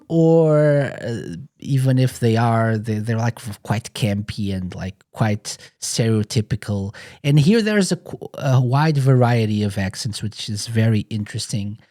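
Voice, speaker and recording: A man's voice: medium pitch, a little mellow, dry recording, clean studio sound. A man hosting a podcast, asking questions in a casual, hesitant way with many fillers. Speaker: podcast host.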